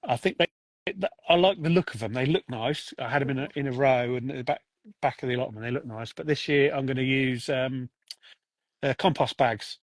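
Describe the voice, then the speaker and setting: A man's voice: mid-range voice, a little fast, no room sound. Chatty man hosting a podcast. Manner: chatty, enthusiastic, laughs easily. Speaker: podcast host. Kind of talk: casual chat.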